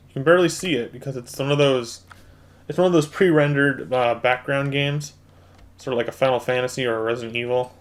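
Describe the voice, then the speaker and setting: A man hosts a relaxed let's-play at his home computer, walking viewers through the controls in an easygoing, mid-range voice. He talks straight to his audience as he plays. Keyboard clicks sit behind his voice. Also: medium pitch, a little fast. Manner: chatty, explains controls, talks to viewers as guys. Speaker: gaming channel host. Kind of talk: casual let's-play commentary.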